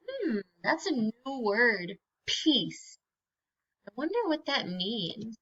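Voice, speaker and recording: A woman teacher reads a picture book to young children in an unhurried, clear, bright voice. She gently coaxes them to join in and leads them into yoga poses. The sound is a little muffled and lo-fi. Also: on the high side, big pitch swings. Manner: slow, gentle and encouraging, prompting children to join in.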